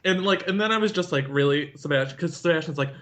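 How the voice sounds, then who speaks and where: A man's voice: high-pitched, quick pace. Exasperated, profane male podcast co-host. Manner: animated, exasperated, profane retelling. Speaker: podcast co-host reviewing a story. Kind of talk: casual chat.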